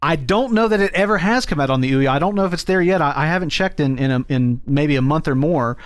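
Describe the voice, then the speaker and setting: Brief: male podcast co-host, keen and casual, slightly high voice. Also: expressive, fast, no echo. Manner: enthusiastic about games, swears casually.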